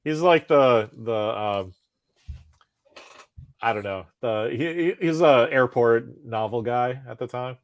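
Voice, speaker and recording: A man's voice: medium pitch, takes it slowly, no echo. Casual male podcast co-host, 40s, rambling self-deprecating delivery, dry close mic. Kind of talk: casual chat.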